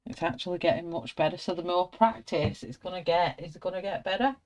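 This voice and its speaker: A middle-aged British woman with a notably low voice chats in a relaxed, friendly way. She narrates each step of her colouring as she goes. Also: fairly quick. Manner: chatty, self-narrating, friendly. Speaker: colouring artist. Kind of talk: casual chat while colouring.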